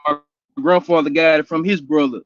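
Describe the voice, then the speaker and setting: A man with a drawl spinning easygoing stories, chuckling as he drifts from one memory to the next. His voice sits a little high for a man and sounds dull and lo-fi, with no room ring. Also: fairly even intonation, brisk, a bit bright, no room sound, faint music behind. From Houston, Texas. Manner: laid-back storyteller, laughs often, trails off. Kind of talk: casual chat.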